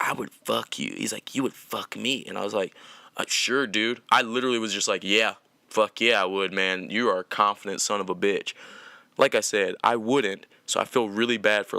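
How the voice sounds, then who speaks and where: A man's voice: fairly low pitch, gravelly, a bit bright, dry recording. A young man hosting a podcast, telling a long story in a rambling, profane way with many restarts. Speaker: podcast host. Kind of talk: casual storytelling.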